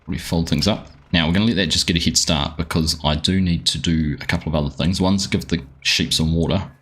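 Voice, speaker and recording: A deep-voiced Australian man with a husky edge to his voice, streaming a game live from home. He chats in a loose, rambling way and greets viewers by name as he goes. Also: fast talker, fairly bright tone. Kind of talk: casual live-stream chat.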